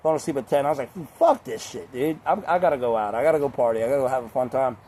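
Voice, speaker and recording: A young man talking casually to camera in a crude, rambling way, laughing often and mimicking others in high voices. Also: racing, a little mellow, a little hiss or hum. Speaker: vlogger.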